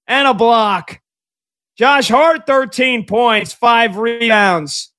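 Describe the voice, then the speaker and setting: A man in his thirties hosting a sports talk radio show, talking like an excitable, fast-talking fan. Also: very high voice. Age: 30s.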